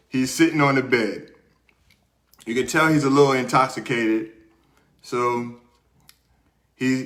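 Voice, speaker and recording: Bright-voiced chatty male host. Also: mid-range voice. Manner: chatty, repeats words, talks to viewers directly. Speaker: podcast host. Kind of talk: casual storytelling and sports picks. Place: small room under hot studio lights.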